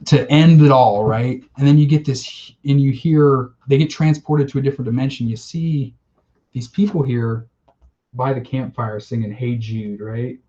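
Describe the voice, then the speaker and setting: A man's voice: mid-range voice, normal speed, dark tone, lo-fi sound. A man co-hosting a casual podcast, telling a story with emotion and some swearing. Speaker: podcast co-host. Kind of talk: casual chat.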